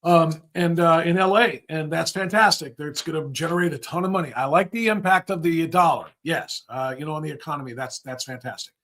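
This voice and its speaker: A man's voice: fairly high pitch, a little fast, few pauses, a bit bright. Rambling, sarcastic male talk host. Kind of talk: livestream political commentary.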